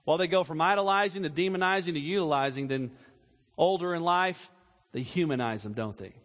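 High-voiced emphatic male preacher, echoing hall. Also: brisk, a bit bright. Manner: emphatic, call-and-response preaching. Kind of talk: sermon. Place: church sanctuary. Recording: long hall reverb.

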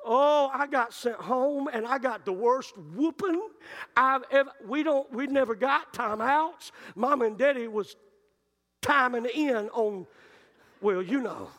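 A man preaches in a church, his voice unusually high and bright. He tells stories with energy and rises to shouted peaks, and long reverb from the hall trails each phrase. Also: unhurried. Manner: storytelling, building to shouted climaxes. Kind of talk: sermon. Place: church sanctuary.

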